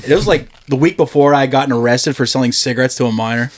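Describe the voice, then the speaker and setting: A man's voice: medium pitch, fast talker, slight background noise. A man telling a long story in casual podcast chat, loose and profane, laughing often as he goes.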